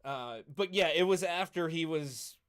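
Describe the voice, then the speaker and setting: A man's voice: on the high side, unhurried, clean tone. A man co-hosting a casual podcast chat, easygoing and agreeable, chiming in often. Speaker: podcast co-host.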